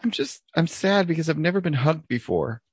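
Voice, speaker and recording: A man's voice: on the high side, lively intonation, brisk, slightly rough, dry recording, voice pushed up. A man voicing a sad young woman in a joke, speaking plaintively.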